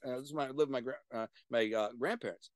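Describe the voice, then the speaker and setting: A middle-aged man, a guest on a video-call interview, telling profane street stories in an animated way with sudden loud bursts. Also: medium pitch, fast, dry recording. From Detroit, USA. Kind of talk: casual storytelling.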